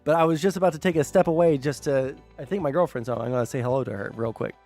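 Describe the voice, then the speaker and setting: A man's voice: mid-range voice, fast, vocal fry, darkish tone, faint music behind. A young man live-streaming casual chat while gaming, swearing constantly and ranting heatedly with self-mocking asides.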